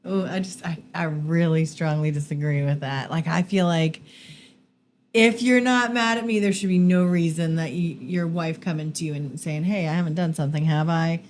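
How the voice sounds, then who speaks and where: A woman's voice: low-pitched, fairly even intonation, moderate pace, a little mellow. A middle-aged woman co-hosting a casual marriage podcast with her husband, earnest and firm as she makes her case. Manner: earnest, firmly argumentative. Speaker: podcast co-host, pastor's wife. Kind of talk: casual marital chat.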